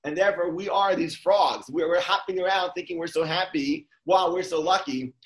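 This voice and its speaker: A man with a somewhat higher voice delivers a casual Torah talk at a normal pace. His style is conversational, and he frequently starts his sentences over. The room has a noticeable echo.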